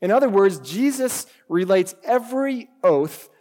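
A man's voice: high-pitched, lively intonation, measured pace, warm tone, in a large hall. A man preaching a sermon, explaining scripture with emphatic rhetorical questions. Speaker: pastor.

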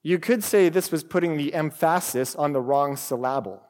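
A man's voice: a little high, moderate pace, a little mellow, in a large hall. A man preaching a sermon, explaining scripture with emphatic rhetorical questions. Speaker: pastor.

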